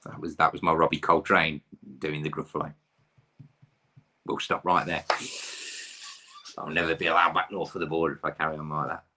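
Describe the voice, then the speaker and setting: A man's voice: a bass voice, level tone, normal speed, pauses often, pushed and bright. A man in his thirties from the UK, hosting a pub quiz with chatty, rambling, self-deprecating asides.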